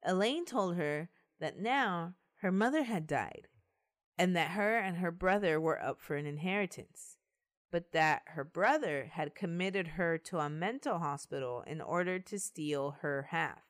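A woman's voice: lowish voice, unhurried. A woman hosting a podcast, casually retelling a true-crime case, laughing often and swearing. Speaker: podcast host telling the case.

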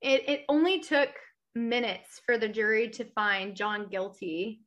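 A woman's voice: fairly high pitch, a little slow, fairly bright tone, highs cut off. A woman co-hosting a true crime podcast, telling the story in casual chat with frequent laughs and trailing off. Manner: giggly, chatty, trailing off. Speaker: podcast co-host.

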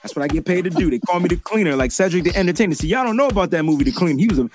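A man hosting a casual sports chat show, animated and joking, heavy on slang. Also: high-pitched, rapid-fire, music in the background. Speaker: podcast host.

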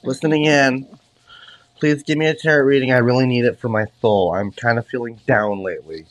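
A man calling in, asking softly and earnestly for a tarot reading. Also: medium pitch, fairly even intonation, a little fast, rough recording. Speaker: caller. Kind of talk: casual call-in request.

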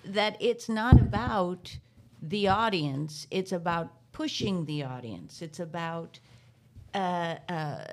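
Low-voiced woman asking thoughtful questions. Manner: thoughtful, searching for words. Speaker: interviewer. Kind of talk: conversational interview.

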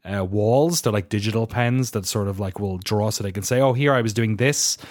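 An Irish man with a low voice hosts a casual podcast. He rambles a little and restarts his sentences. The recording is dry and close, with no room sound. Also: moderate pace, darkish tone, no echo. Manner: rambling, self-correcting. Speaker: podcast host.

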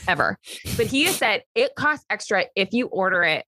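A woman's voice: medium pitch, very animated, normal speed, sharp tone, no echo. A woman co-hosting a casual chat podcast, talking in a mock-indignant, emphatic way. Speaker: podcast co-host.

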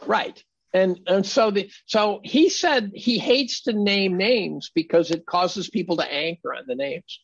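A man's voice: high voice, a little slow, creaky, slightly rough, lo-fi sound. A man speaking as a podcast guest in casual conversation, emphatic and argumentative.

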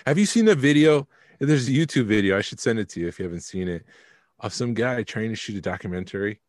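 Deep-voiced man chatting on a podcast. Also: expressive, fast, dry recording. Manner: chatty, jokey, reads prices aloud. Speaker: podcast co-host. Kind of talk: casual chat.

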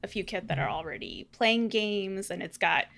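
Brief: woman player at a tabletop game, animated, laughs through her lines, mid-pitched voice. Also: normal speed, creaky. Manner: giggly, animated, laughs often. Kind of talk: casual tabletop role-play.

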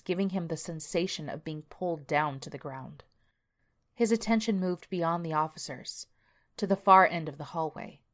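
A woman narrating a scripted horror story in a measured, steady way, sometimes dropping to a near-whisper. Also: low-pitched. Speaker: podcast narrator.

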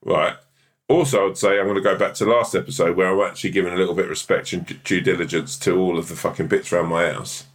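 A man's voice: low voice, fast talker. A man co-hosting a casual comedy podcast, swearing freely and acting out scenes as he tells them. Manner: animated, sweary, acts out scenes. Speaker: podcast co-host. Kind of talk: casual comic chat.

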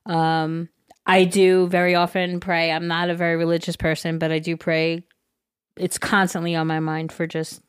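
A woman's voice: sits low, clear, resonant tone, dry recording, studio quality. A woman co-hosting a podcast, talking in an earnest, heartfelt way with some trailing fillers. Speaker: podcast co-host. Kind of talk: casual chat.

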